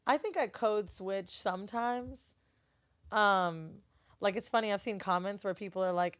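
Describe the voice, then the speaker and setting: A woman's voice: medium pitch, a little fast, dry recording, clean studio sound. A woman from Florida, a podcast guest, chatting casually and telling stories with lots of swearing. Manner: animated, profane, laughing storyteller. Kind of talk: casual chat.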